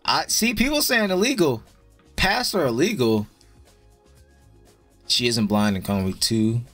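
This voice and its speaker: Slow-talking young man streaming with music. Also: medium pitch, big pitch swings, a bit bright, dry recording. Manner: blunt, profane, quick verdicts; chatty with viewers. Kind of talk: casual live-stream commentary.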